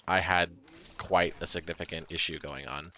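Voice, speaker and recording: A man's voice: low-pitched, steady tone, moderate pace, pushed and bright. A man chatting casually to his stream viewers, rambling and self-deprecating, with plenty of fillers, restarts and short laughs.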